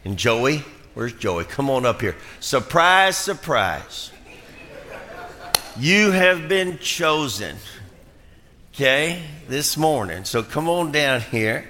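A man preaching a folksy, animated sermon in a church, calling a family up front to demonstrate his point. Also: medium pitch, takes it slowly, in a large hall. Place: church sanctuary.

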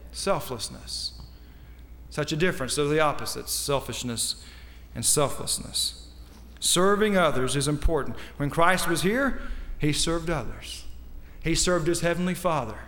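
A high-pitched male pastor preaches to a congregation, moving from calm, measured scripture readings to fervent, climbing peaks of emphasis. His voice rings out with a long, trailing reverb, as if recorded in a large church sanctuary. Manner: builds from quiet scripture reading to emphatic, rising climaxes. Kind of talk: sermon.

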